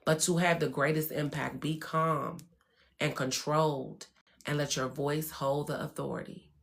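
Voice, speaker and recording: A woman giving a candid motivational talk as host of her own show, blunt and profane, swinging between hushed calm and loud emphatic bursts. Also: sits low, unhurried, creaky. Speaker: spiritual wellness host.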